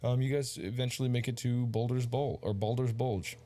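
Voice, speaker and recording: A man's voice: mid-range voice, fairly even intonation, a little fast, dark tone. A man narrating a tabletop game as game master, casual and rambling with lots of fillers.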